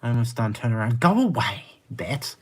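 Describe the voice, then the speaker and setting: He's a twenty-something Australian livestreamer whose husky voice has lively intonation and a fairly quick pace. Answering viewer comments casually, he sounds blunt and exasperated, his pitch shooting up indignantly during rants.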